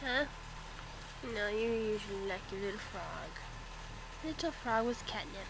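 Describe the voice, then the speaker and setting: A woman's voice: medium pitch, expressive, unhurried, vocal fry. A woman filming her cat at home on a handheld camera, talking to it in teasing baby talk. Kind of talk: home video narration. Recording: noisy home video.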